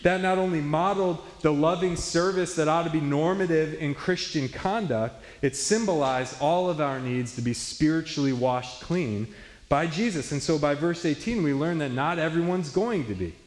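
A male pastor with a fairly high voice delivers an earnest expository sermon, stressing key words as he explains the text. His voice rings through a large hall, with a long reverb trailing every phrase. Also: normal speed. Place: church sanctuary.

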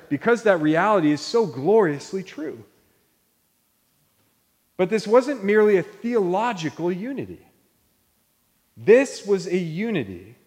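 A man with a high voice preaches in a sanctuary with a long reverb trailing behind each phrase. He talks earnestly and rises to fervent proclamation. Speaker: pastor. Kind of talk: sermon.

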